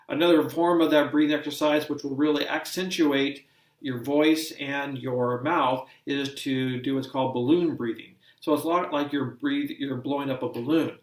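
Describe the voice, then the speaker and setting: A man lectures in a measured, explanatory way, the way an instructor walks a class through a topic. His voice sits at an ordinary pitch for a man. It is picked up from a distance in a space with a noticeable room echo. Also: fairly even intonation. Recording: roomy sound from a distant mic.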